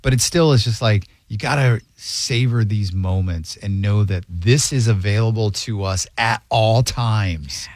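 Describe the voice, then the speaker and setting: Rambling low-voiced male host. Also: measured pace, hardly any pauses, no room sound. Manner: rambling, warm-hearted, filler-heavy. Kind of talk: casual podcast chat.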